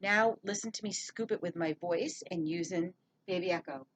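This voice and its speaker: A woman teaching an early-grade reading lesson in a slow, sing-song voice, speaking to young children. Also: lowish voice.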